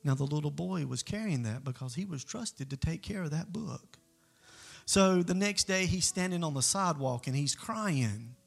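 A male preacher delivers sermon storytelling in an earnest, conversational manner. His voice sits slightly high and carries a gravelly fry. Soft instrumental music plays faintly underneath. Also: expressive, moderate pace.

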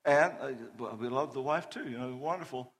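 Animated middle-aged pastor in echoey hall. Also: male voice, mid-range voice, a little fast. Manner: animated, laughing, loud storytelling. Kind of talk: sermon with personal storytelling.

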